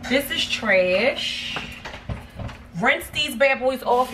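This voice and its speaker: In her home kitchen, a cooking vlogger chats with viewers, calling them "y'all," while she cooks. Her high voice is expressive but very slow, with long pauses, and a phone camera set back from her gives a distant sound with background noise.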